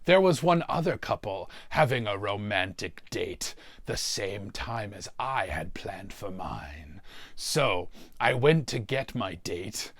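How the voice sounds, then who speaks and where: A man's voice: on the low side, lively intonation, a bit bright, no room sound, clean studio sound, heavily acted. A man playing a demonic torturer who hosts a mystery show and tells a comic story about suffering. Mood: wry. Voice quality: gravelly, slow, relishing talk of suffering. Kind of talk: comedic in-character storytelling.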